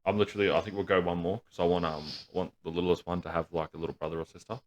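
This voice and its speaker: A man's voice: sits low, little pitch movement, very fast, darkish tone, lo-fi sound. A man, co-hosting a podcast, telling crude jokes and family stories with plenty of swearing and laughter. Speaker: podcast co-host. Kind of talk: casual banter.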